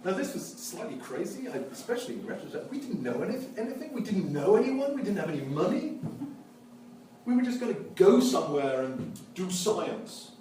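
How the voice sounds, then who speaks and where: A man with a high voice and fairly quick pace performs as an enthusiastic, witty Victorian naturalist, delivering an animated, joking lecture in a lively mood. The museum lecture hall echoes, the mic is far away, and background noise is present.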